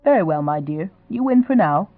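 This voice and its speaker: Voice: medium pitch, expressive, fairly quick, no echo, lightly acted. Romance audiobook: a reader doing a polite, persistent old duchess. Thin, narrow sound, dry. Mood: genteel. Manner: genteel, pleasantly insistent. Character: elderly duchess grandmother, gracious, persistent.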